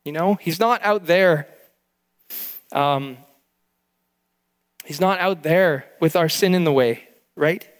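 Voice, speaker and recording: A man's voice: fairly high pitch, slow, pauses often, long reverb tail. A male pastor preaching an earnest, heartfelt sermon, with frequent restarts.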